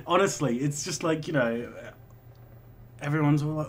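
A man's voice: a little high, moderate pace, slightly rough. A man in his twenties, chatting casually as a vlogger answering viewer questions, rambling and swearing as he goes. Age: 20s. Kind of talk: casual chat.

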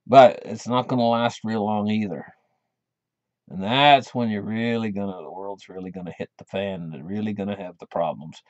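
A man's voice: fairly low pitch, darkish tone, no echo. A man hosting his own channel, talking in a casual monologue that rambles, with many restarts. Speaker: channel host. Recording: dull lo-fi dry recording.

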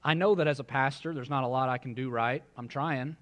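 A man's voice: mid-range voice, brisk, a bit bright. A male pastor preaching a sermon in a church, in a conversational style with joking asides to the congregation. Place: church sanctuary.

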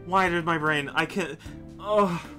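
A man's voice: on the high side, measured pace, bright, forceful tone, faint music behind. A man chatting casually on a live stream while playing a game, often repeating himself and scolding himself. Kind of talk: casual live-stream chat over gameplay.

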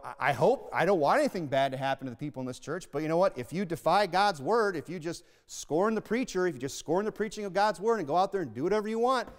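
A man preaching in a church with a voice pitched a bit above the usual male range. He talks in an emphatic, conversational way and keeps firing rhetorical questions. The sound carries a long hall reverb. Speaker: pastor. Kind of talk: sermon. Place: church sanctuary.

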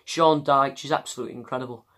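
A man's voice: mid-range voice, fairly even intonation, fast talker, a bit bright, close to an everyday voice. A young man doing a gushing football vlogger in a Burnley accent. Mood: excited. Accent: attempted Burnley accent. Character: young male football vlogger, passionate fan.

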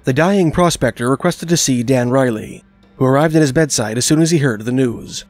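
A man reading a scripted documentary narration in a measured, even storytelling manner. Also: medium pitch, soft background music.

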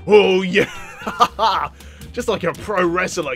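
An excitable man hosting a gaming channel and narrating his own matches. His voice sits high for a man, and it jumps into yells and laughs. Faint music plays under his commentary. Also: measured pace. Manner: excitable, yelling and laughing at the game. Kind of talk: let's play commentary.

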